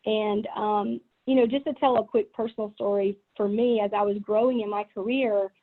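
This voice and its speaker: A woman's voice: medium pitch, steady tone, normal speed. Southern woman speaking over a tinny line. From American South. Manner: earnest, warm-hearted, many "um" and "you know" fillers. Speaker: guest speaker, business executive. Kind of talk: motivational talk on leadership. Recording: tinny phone-like line from online event.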